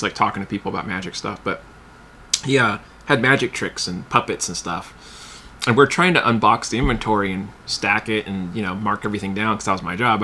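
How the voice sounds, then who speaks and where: Bright-voiced man telling a rambling story. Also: fairly low pitch, a little hiss or hum. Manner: rambling anecdotes with quoted voices and laughs. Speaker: livestream host. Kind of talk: casual storytelling.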